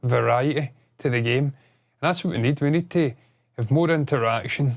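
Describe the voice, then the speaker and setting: Man, casual gaming chat, sweary, rambling, animated. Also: medium pitch, normal speed, creaky. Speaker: podcast co-host.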